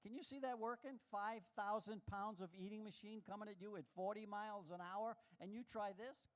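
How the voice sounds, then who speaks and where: Stand-up comic, male, high-pitched voice, lively delivery with sudden jumps into character voices. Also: moderate pace. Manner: animated, acts out quoted voices with big pitch jumps. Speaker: stand-up comedian. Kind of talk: stand-up comedy set.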